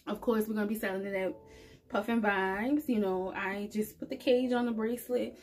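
Her mid-range, darkish voice stays fairly even in intonation at a moderate pace as she talks to her viewers. She is a spiritual vlogger giving a casual, earnest, chatty motivational talk straight to camera.

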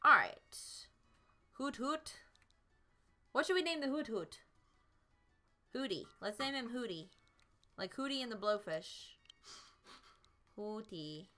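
A woman's voice: a little high, very animated, moderate pace, pauses often, sharp tone, faint music behind. A young woman from South Carolina, chatting and giggling through a live game stream. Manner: bubbly, giggly, chatty with chat. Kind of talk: live gameplay commentary.

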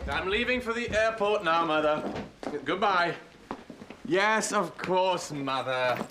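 A man's voice: sits high, animated, takes it slowly, very noisy. A stiff, proper rich father. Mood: fussy. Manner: formal, fussy.

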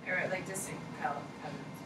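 A woman high school history teacher giving a casual, joking classroom lecture, repeating key points for students to write down. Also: fast talker. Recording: echoey classroom from far off, noisy.

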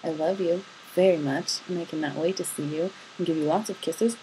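A woman's voice: fairly low pitch, steady tone, a little fast, warm tone, a little hiss or hum, rough recording. A young woman recording a video diary at home at night, talking to her partner in a chatty, giggly and affectionate way. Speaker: vlogger.

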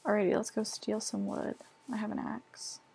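A young woman gaming vlogger gives casual commentary while she plays, self-mocking and heavy on filler words. Her mid-range voice is flat, creaky and darkish with a breathy edge, at a normal pace, in a noisy home recording.

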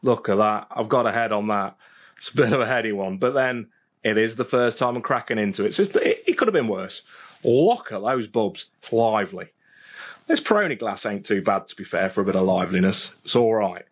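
A man's voice: lowish voice, expressive, a little fast. Chatty Leicestershire man reviewing beer. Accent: Leicestershire English. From England. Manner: chatty and jokey, repeats phrases. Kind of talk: casual vlog review. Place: home garden, outdoors.

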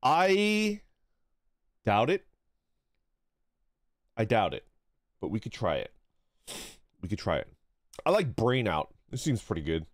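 A man's voice: on the low side, sing-song, takes it slowly, pauses often, no room sound, studio quality. A young man chatting casually on a livestream, swearing freely and reading chat aloud. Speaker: streamer. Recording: background music.

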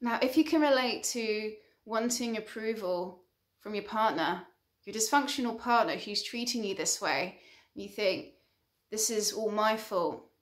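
A woman's voice: mid-range voice, moderate pace. A woman counselor giving an earnest advice monologue, building her points through repeated short lists. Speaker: relationship counselor.

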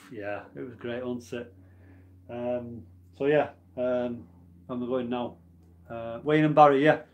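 A man in his forties who hosts a homebrew channel, rambling in a casual live-stream chat and answering viewer comments as he goes. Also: medium pitch.

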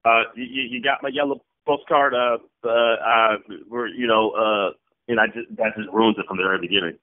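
A man's voice: lowish voice, fairly even intonation, moderate pace, no echo. A man asking a coach questions over a call, hesitant and fumbling, often answering with short agreements. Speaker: student investor. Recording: dry, tinny phone line.

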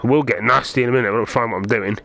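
A man's voice: medium pitch, racing, gravelly, pushed and bright, soft background music. Frustrated, swearing man playing a game. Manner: frustrated, swearing, irritable muttering. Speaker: gamer playing through a VR game. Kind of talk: angry gameplay commentary.

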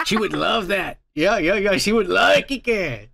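High, gravelly-voiced podcast host. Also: male voice, animated, a little slow, background noise. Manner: profane, rambling, laughs often. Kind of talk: crude casual chat.

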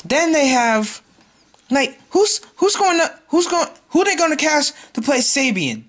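A man's voice: very high voice, big pitch swings, measured pace, a bit bright. A man ranting in a vlog, exasperated and repeating himself as he vows to boycott a movie. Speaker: YouTuber.

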